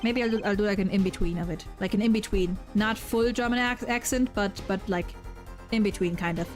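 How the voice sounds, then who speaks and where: A woman's voice: mid-range voice, brisk. A young woman streaming a game, chatting casually, swearing freely and stumbling over repeated words, with faint game music behind her. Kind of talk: casual gaming commentary while voicing game dialogue.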